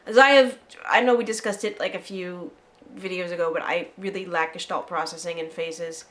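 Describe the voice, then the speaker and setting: A woman co-hosting a film review show in casual, rambling, excitable chat. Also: on the low side, normal speed.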